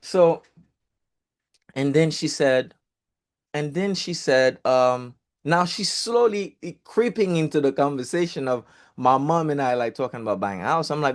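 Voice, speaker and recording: A man's voice: fairly high pitch, measured pace. A man telling a personal story in a casual, chatty way, with swearing and filler words. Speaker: real estate group speaker.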